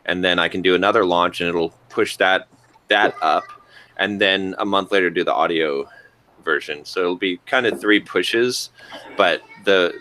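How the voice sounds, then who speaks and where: Bright-voiced man in casual podcast chat. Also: sits low, normal speed, slight background noise. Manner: rambling, lots of restarts and fillers, jokey asides. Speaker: podcast co-host.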